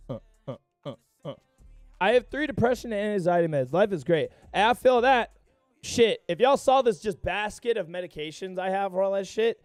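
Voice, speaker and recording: High-voiced, profane young streamer guy. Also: darkish tone, no echo. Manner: profane, rambling storyteller. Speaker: gaming livestreamer. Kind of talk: casual live stream chat.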